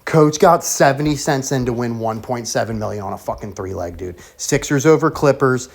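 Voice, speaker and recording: A man hosting a sports predictions show, rambling through conspiratorial theories in a profane, sarcastic, excitable way. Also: medium pitch, moderate pace, creaky. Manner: profane, sarcastic, excitable, talks about himself as Coach.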